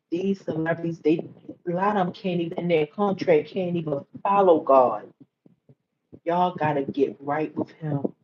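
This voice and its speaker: A woman hosting a faith-based livestream, earnestly urging her viewers and repeating herself for emphasis. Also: on the low side. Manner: earnest, exhorting viewers directly, repetitive. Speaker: livestream host. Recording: muffled livestream audio with background hiss.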